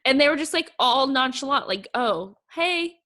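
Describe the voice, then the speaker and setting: Female podcast co-host, higher pitch, gushy and animated, casual reality-TV chatter. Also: brisk. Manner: gushing, animated retelling. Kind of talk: casual chat about reality TV.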